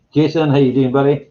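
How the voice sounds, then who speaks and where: A man hosting a casual live chat, greeting viewers by name in a slow, meandering way and chuckling to himself. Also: mid-range voice, warm tone, muffled recording. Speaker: live stream host. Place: home room with green screen.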